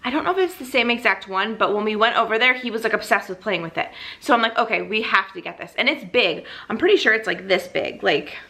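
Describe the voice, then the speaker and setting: A woman's voice: medium pitch, expressive, quick pace, few pauses, pushed and bright. A young woman chatting to her camera as a vlogger, bubbly and gushing, a little out of breath, peppering her talk with "like". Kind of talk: casual chat to camera. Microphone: camera mic, seated.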